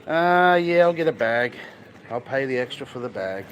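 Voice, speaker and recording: A man's voice: medium pitch, expressive, normal speed, dull audio. A man from Australia with an Australian accent, live-streaming casually as he walks outdoors. He talks bluntly and swears a lot. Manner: blunt, crude, swears heavily. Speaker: travel vlogger. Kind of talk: casual live-stream chat while walking. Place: busy street outdoors, by the beach. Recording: loud street and traffic noise. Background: traffic and street ambience.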